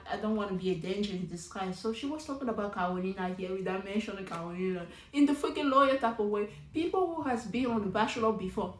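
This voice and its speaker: Chatty woman recapping in a roomy room. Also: medium pitch. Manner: chatty and animated, talks straight to the show's cast. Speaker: reality show recapper. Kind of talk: casual recap commentary.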